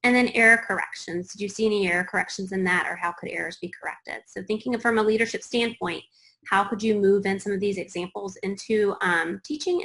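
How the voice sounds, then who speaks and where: A woman's voice: mid-range voice, fairly bright tone, poor audio. A woman presenting an online webinar for school leaders, talking conversationally and thinking aloud with fillers.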